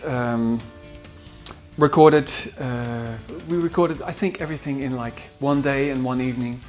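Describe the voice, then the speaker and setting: A man's voice: mid-range voice, fairly bright tone. A man with a Dutch accent, a composer recalling his singers in an interview, hesitant with many fillers and restarts. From Netherlands. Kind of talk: interview reminiscence. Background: faint guitar music.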